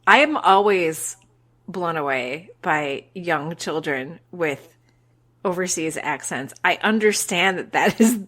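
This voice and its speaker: A woman's voice: fairly low pitch, slow, fairly bright tone. A woman co-hosting a podcast in casual chat, adding wry, playful asides. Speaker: podcast co-host.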